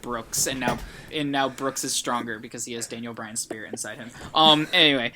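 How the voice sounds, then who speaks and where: A woman with a strikingly deep voice co-hosts a casual podcast, recapping a film in loose, rambling talk. She laughs easily and swears now and then. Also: fairly even intonation, a little fast, noisy background. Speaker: podcast co-host. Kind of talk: casual chat.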